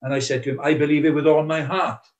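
A man's voice: quick pace, highs cut off. A middle-aged man preaching a sermon, earnest and emphatic, telling stories to drive his points home. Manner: earnest, emphatic storytelling with lively swings in pitch and loudness.

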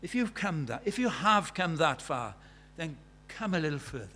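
A man preaching a sermon, pleading with his listeners in a voice that rises to urgent calls and sinks to hushed storytelling. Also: on the high side, very animated, moderate pace.

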